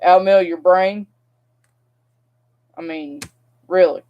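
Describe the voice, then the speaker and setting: A woman's voice: lowish voice, steady tone, takes it slowly, highs cut off. A young woman, venting to camera in a casual, rambling vlog rant. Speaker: vlogger.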